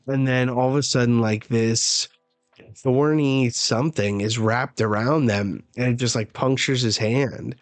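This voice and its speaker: A man hosts a live manga chapter reaction in an unhurried, hesitant way, filling his pauses with "like" and "um." He speaks at a mid pitch and a very slow pace. The sound is dry, with faint music underneath. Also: fairly even intonation, no echo. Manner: unhurried, hesitant, with many "like" and "um" fillers.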